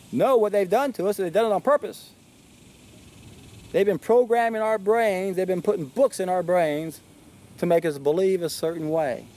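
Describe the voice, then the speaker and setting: A man's voice: fairly high pitch, warm tone. A man giving an indignant, emphatic monologue to camera and repeating his key phrases. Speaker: video commentator.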